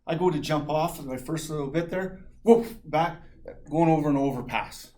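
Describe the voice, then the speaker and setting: A man giving a humorous personal story as a club speaker, lively and chuckling, imitating sounds as he goes. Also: a little high, moderate pace.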